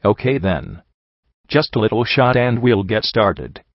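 A gentle, soft-spoken pony mare who hushes and soothes, as a male narrator reads her in his own low voice. The recording is dry and slightly dull. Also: lively intonation, measured pace, no echo. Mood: soothing.

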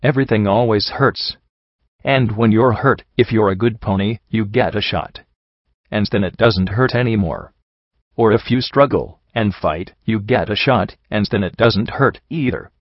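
A man's voice: fairly low pitch, moderate pace, no room sound, highs cut off, close to an everyday voice. A man reading the part of a miserable drugged stallion pony who mutters thickly, in a storybook reading. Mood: pained mutter.

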